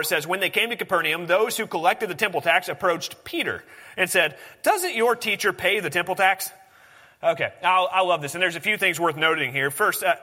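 A man's voice: a little high, bright, forceful tone, in a large hall. A man preaching a sermon in an earnest, conversational way, often restarting his sentences.

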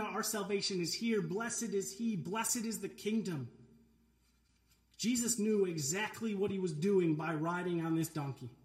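A man, a pastor, preaching an earnest, emphatic sermon in a church sanctuary. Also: sits high. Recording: echoey church room.

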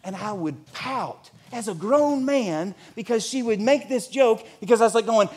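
A pastor in his forties preaching a sermon in a church, animated and at times nearly shouting. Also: high-pitched, normal speed, hardly any pauses, breathy edge.

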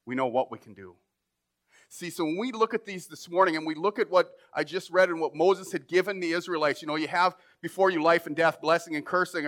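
Pastor, slightly high voice, preaching informally and pressing his points. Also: fairly bright tone. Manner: conversational preaching, rising to emphatic. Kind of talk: sermon.

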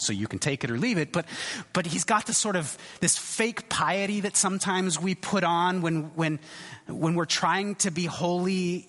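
A man's voice: a little high, a bit bright. A man preaching a casual, conversational sermon, often restarting his phrases and acting out the voices he quotes. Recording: long hall reverb.

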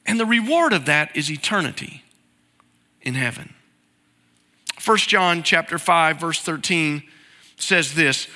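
A man's voice: a little high, lively intonation, a little slow, pauses often, bright, forceful tone. A middle-aged man preaching a conversational sermon from a church sanctuary, asking the congregation to repeat after him. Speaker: pastor. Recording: hall reverb.

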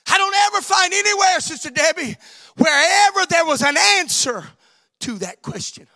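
A male preacher with a very high, gravelly voice and a bright, forceful edge. He preaches in surges, shouting one moment and dropping to a hushed near-whisper the next. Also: animated, moderate pace, long reverb tail. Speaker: pastor. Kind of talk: sermon.

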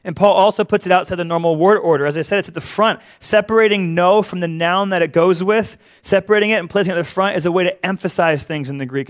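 A man preaching a sermon as a pastor, earnest and emphatic. He repeats key phrases and often drops to a hush. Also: high voice.

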